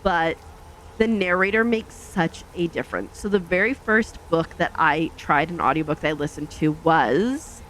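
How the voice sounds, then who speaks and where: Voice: mid-range voice, normal speed, fairly bright tone, slight background noise. Rambling, chatty gameplay host. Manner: rambling and chatty, many fillers and self-corrections; acts out own past thoughts in quoted asides. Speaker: gaming channel host. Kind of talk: casual chat while playing a truck driving game.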